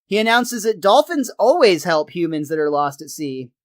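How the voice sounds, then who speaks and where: A podcast co-host recapping a cartoon episode in a lively storytelling way, laughing often. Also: mid-range voice, normal speed, no room sound, clean studio sound.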